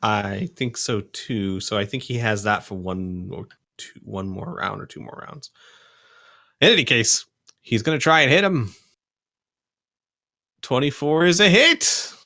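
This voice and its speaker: A man runs a tabletop game, narrating turns and settling rules. His voice is bright and his pitch moves a lot, and he laughs often between calls. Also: creaky. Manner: lively, laughs often, quick rules talk. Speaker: game master. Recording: home podcast recording.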